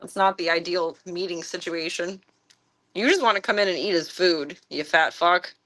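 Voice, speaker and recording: A woman streaming from her home, chatting casually and cooing at her cats in a high voice. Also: moderate pace, a bit bright. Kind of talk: casual livestream chat. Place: home with pets.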